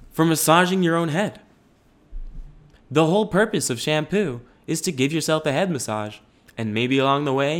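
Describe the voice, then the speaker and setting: A man's voice: medium pitch, a bit bright. A man in his twenties hosting a podcast, rambling in goofy, profane chat and slipping into silly voices. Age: 20s. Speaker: podcast host.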